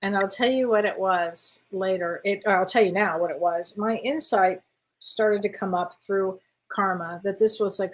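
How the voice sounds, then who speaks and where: A woman co-hosting a casual talk show, speaking in a reflective, earnest way. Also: medium pitch. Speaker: co-host. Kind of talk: casual conversation.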